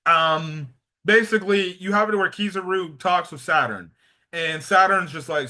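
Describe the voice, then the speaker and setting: Young man, casual anime review, bright voice, excitable, rambling slangy talk. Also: high-pitched, normal speed.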